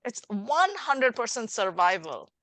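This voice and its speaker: A woman life coach hosting a conversational interview, animated and acting out little scenes as she explains. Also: fairly high pitch, a little slow, no room sound. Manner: animated, acts out little scenes with changing voices. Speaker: life coach and podcast host.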